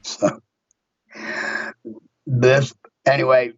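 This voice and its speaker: Man guest recounting a story with lively acted-out quotes; dry, dull-sounding podcast audio. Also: mid-range voice, very slow, no echo. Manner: animated storyteller acting out his own quotes. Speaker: guest, window tint shop owner. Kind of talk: casual storytelling chat.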